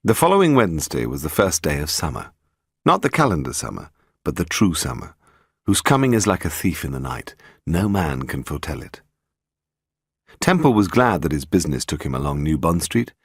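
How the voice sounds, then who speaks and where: A man narrating a detective novel aloud in a measured, expressive manner. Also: rumbling low, slightly rough, no echo, studio quality. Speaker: audiobook narrator. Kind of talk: scripted narration.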